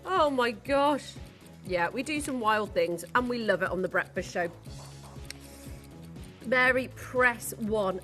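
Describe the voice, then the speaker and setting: A woman presenting on a live shopping channel, gushing and excitable as she sells jewellery and home goods from a studio. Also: high voice. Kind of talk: live selling pitch.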